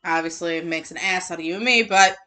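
A woman co-hosting a casual true-crime podcast from her couch at home, chatty and animated. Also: fairly low pitch, fast talker. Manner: chatty, animated, laughs often. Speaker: podcast co-host. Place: home living room, on a couch.

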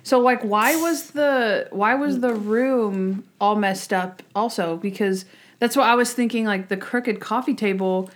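A woman's voice: fairly high pitch, measured pace. Giggly young woman telling stories. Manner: giggly, animated storyteller, many "like"s. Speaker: podcast co-host. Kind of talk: casual chat, storytelling and episode review.

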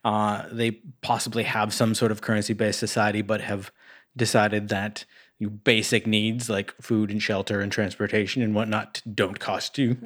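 A man's voice: on the low side, flat delivery, moderate pace, fairly bright tone. A man co-hosting a podcast, ranting sarcastically about a movie with plenty of swearing and restarts. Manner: sarcastic, profane, rambling with restarts. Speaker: podcast co-host. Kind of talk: casual movie review chat.

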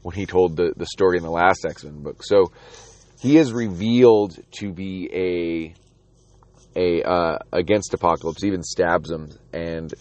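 A man's voice: low-pitched, measured pace, darkish tone, no room sound. A man talking casually about a comic book, rambling with restarts and reading passages aloud.

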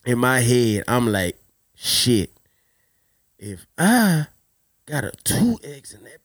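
Man, loud, profane, laughs a lot, fairly high voice, podcast host. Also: dry recording. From Louisiana. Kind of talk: casual rambling storytelling.

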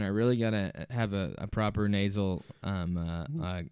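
A man's voice: low-pitched, moderate pace, a little mellow, clean tone, no echo, clean studio sound. A male podcast co-host in casual chat, sounding stuffed up and nasal, talking with lots of hesitant restarts.

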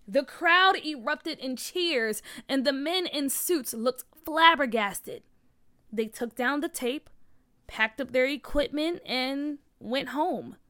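Expressive woman reader for a children's storybook, bright and fairly high. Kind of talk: storybook read-aloud.

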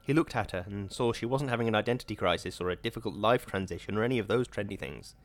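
A man narrating an audiobook in a measured, dramatic reading. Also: fairly low pitch, expressive. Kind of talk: scripted narration.

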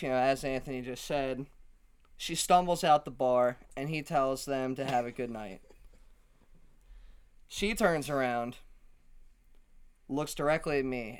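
A man co-hosting a casual podcast, telling a bar story in an animated, laughing way and swearing freely. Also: mid-range voice. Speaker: podcast co-host.

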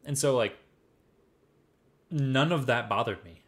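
A young man from the American Midwest co-hosting a podcast, telling stories in casual, profane, animated chat. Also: mid-range voice, slow. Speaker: podcast co-host.

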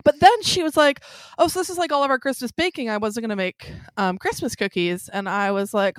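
Young woman, casual storyteller, slightly high voice, dry recording, plays all the parts in her stories. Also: a little fast, no room sound. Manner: animated storyteller acting out quotes. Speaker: friend chatting. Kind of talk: casual chat.

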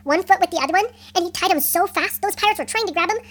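Brief: fast, lively female storyteller, high voice, improvised kids' tale. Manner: animated, asks listeners questions.

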